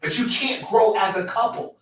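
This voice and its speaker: A man's voice: high-pitched, moderate pace, a bit bright, distant mic. Emphatic man in an echoey room. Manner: emphatic, repeats key phrases. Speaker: podcast host, men's coach. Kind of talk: conversational coaching talk. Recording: very echoey room, voice away from mic.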